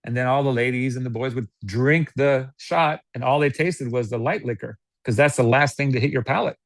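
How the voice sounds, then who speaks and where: An American man giving casual sales coaching, animated, laughing often and acting out customer dialogues. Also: mid-range voice, a little fast, no echo. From United States. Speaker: network marketing guest.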